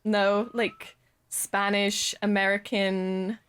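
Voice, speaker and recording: Chatty woman with a softened posh British accent. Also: mid-range voice, flat delivery, slow pace, smooth. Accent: mixed posh British, partly softened. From England. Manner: chatty, laughs often, playful. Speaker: podcast guest, former game developer. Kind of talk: casual podcast chat.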